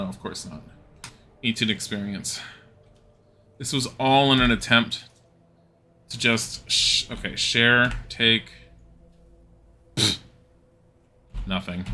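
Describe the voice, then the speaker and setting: A man's voice: on the low side, sharp tone, a little hiss or hum. A man streaming a game live, giving wry, casual commentary that swears now and then and reads menu choices aloud.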